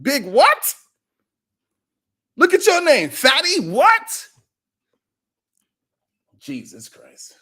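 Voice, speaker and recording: A man hosting a podcast, delivering a mocking roast monologue that swings from loud shouts to low mutters. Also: wildly swooping pitch, extremely slow, pauses often. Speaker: podcast host.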